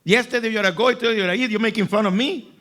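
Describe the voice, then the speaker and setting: A man acting out an angry, suspicious Hasidic man who shouts accusations in a story. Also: high voice, fast talker, pitched above the performer's own voice. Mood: angry accusing.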